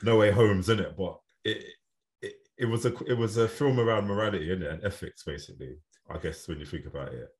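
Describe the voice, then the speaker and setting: Low-voiced man chatting films. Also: fast talker. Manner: relaxed, slang-heavy, trails off with fillers. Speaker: podcast co-host. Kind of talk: casual chat about films.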